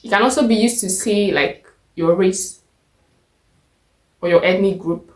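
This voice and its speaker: A Nigerian woman walks through a beginner language lesson, saying each phrase slowly and then repeating it. Her pitch sits in an ordinary middle range. The recording carries a noticeable echo from the room around her. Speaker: language teacher.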